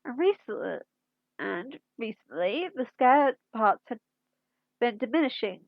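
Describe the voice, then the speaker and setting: A woman reading a fan story aloud in an unhurried storytelling manner, with occasional slips. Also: a little high, dry recording, phone-quality sound. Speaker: fanfiction reader.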